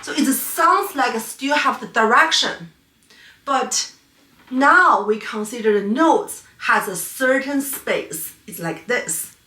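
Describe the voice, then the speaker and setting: A woman speaks slowly in a fairly high, animated voice that is pushed and bright, caught on a distant mic. She is a piano teacher, originally a Chinese speaker, giving an online lecture on playing technique in a patient, explanatory way with non-native phrasing. The recording has room echo, with her voice a little off-mic.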